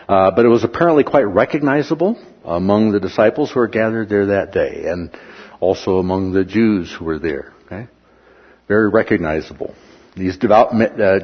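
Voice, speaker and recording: A man preaching a sermon, telling stories with lively asides and reading scripture aloud. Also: on the low side, slightly rough, muffled recording. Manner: animated storytelling with asides.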